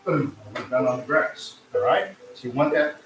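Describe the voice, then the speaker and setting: Calm male tai chi instructor, roomy. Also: mid-range voice, background noise. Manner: calm, counting out slow cues. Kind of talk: guided exercise class instruction. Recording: roomy, distant mic with music.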